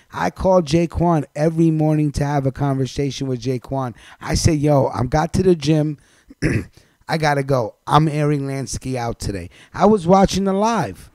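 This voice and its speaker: A man's voice: on the high side, mellow, no room sound. A man hosting a live show, scolding someone directly in a blunt, profane rant. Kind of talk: ranting monologue on a live stream.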